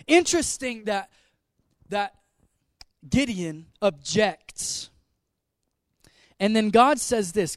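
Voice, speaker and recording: A man in his twenties, a pastor giving an energetic, joking, conversational sermon in a church. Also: high-pitched, slow pace, long pauses, no room sound, clean studio sound. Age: 20s.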